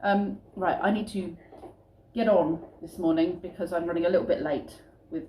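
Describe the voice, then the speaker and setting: A woman's voice: fairly low pitch, fairly even intonation, moderate pace, mellow, reverberant, a little hiss or hum. A middle-aged British woman chatting casually to camera at home, rambling with little asides about her family's day. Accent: British English. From United Kingdom. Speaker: family vlogger.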